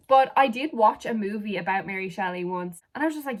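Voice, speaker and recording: A woman's voice: mid-range voice, fast talker, hardly any pauses. A young woman from Ireland, a book vlogger chatting casually and rambling off on tangents while sitting far back from the camera at home. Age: young adult. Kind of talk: casual chat.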